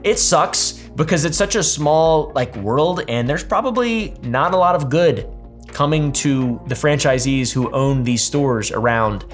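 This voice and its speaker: A man's voice: on the high side, expressive, a little slow, soft background music. A man hosting a commentary video, telling a story casually with sarcastic asides and swearing. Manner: sarcastic asides, swears, restarts mid-sentence. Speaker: commentary channel host.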